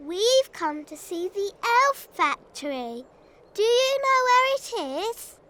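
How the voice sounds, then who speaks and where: An actress voicing an eager, giggly little fairy princess girl in a cartoon, speaking slowly in a very high voice. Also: very animated, pushed and bright, heavily acted.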